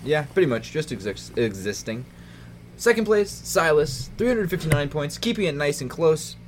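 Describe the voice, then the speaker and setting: A man, the fantasy league commissioner on a casual podcast, chatty and quick to laugh as he runs through the standings. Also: on the high side, very animated, a little hiss or hum.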